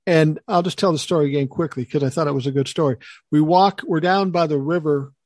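Older male talker, slightly high voice, lively yarn-spinner, dry close sound. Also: fairly quick, no echo. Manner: animated storyteller acting out quoted voices. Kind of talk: casual storytelling chat.

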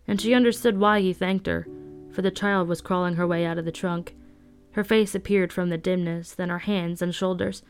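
Low-voiced woman reading a novel. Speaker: audiobook reader.

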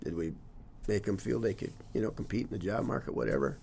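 A man's voice: fairly low pitch, expressive, fast, creaky, darkish tone, a little hiss or hum. A man in his sixties, a longtime teacher and coach, talking earnestly in a casual interview and trailing off with loose fillers. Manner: earnest and reflective, trails off with "you know, whatever".

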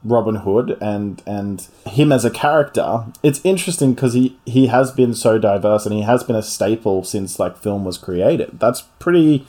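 A man's voice: on the low side, lively intonation, moderate pace, hardly any pauses, dark tone. Rambling, chatty podcast man. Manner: chatty, rambling, laughs often. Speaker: podcast co-host. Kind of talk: casual chat.

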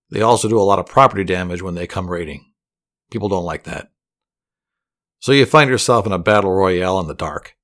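A man telling a guided fantasy story to relax to, in a soothing, steady voice with dry humor. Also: sits low. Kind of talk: calm guided fantasy narration.

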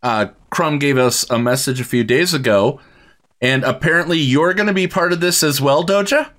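A man hosting a podcast, speaking hesitantly with many pauses and restarts. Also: fairly high pitch, fairly bright tone. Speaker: podcast host. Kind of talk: casual podcast chat.

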